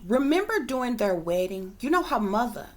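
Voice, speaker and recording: A woman's voice: fairly high pitch, very animated, normal speed. Rambling, emphatic woman telling a story. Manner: rambling and emphatic, swears freely, talks straight to viewers. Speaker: psychic tarot reader. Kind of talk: casual storytelling monologue to viewers.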